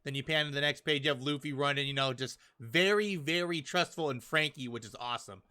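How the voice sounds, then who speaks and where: A man hosting a casual podcast, excitedly recapping a comic chapter and acting out the characters' lines in quick bits, with frequent laughs. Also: fairly high pitch, smooth. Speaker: podcast host reviewing a manga chapter.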